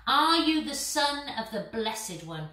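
A woman's voice: high-pitched, big pitch swings, slow, bright, forceful tone, roomy sound, exaggerated voice. Woman doing stern accusing priests.

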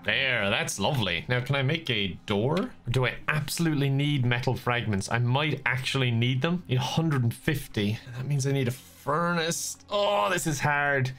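A man's voice: mid-range voice, normal speed, few pauses, a bit bright, slight background noise. A young man commentating his own gameplay, self-mocking and breaking into laughter often. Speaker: gaming video host.

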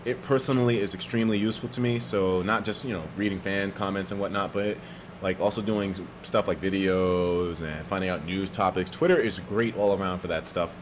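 A man chatting casually on a live stream, profane and animated, reading out viewer donations with sudden loud jumps in pitch. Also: brisk, slight background noise. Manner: reads viewer donations aloud.

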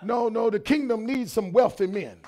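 A pastor in his fifties preaching a sermon, swinging between shouted lines and quieter talk, with lots of repetition. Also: high voice, moderate pace. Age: 50s.

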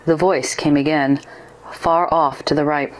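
Woman telling a ghost story, deep-ish voice, steady read. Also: measured pace. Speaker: narrator. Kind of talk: scripted ghost story narration.

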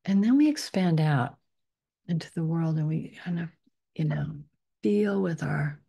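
Low gravelly lady leading a meditation, soft and slow, slips into whispers a lot. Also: expressive. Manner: soft, unhurried, often drops to a whisper on affirmations. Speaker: spiritual teacher. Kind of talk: guided meditation.

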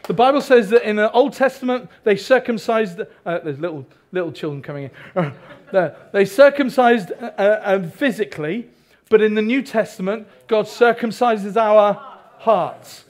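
A man preaching a sermon, animated, with asides to the congregation. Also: high voice, normal speed. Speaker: pastor.

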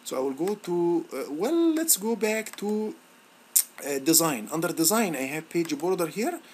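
A male instructor walking students through a software lab on screen, halting and encouraging, with many fillers and restarts. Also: high voice, very animated, a little hiss or hum. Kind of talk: screen-recorded software tutorial.

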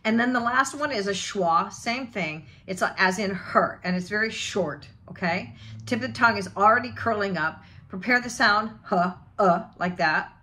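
A woman from the western United States with a General American accent, teaching a pronunciation lesson and drilling sounds slowly and deliberately. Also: medium pitch, pushed and bright. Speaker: accent coach.

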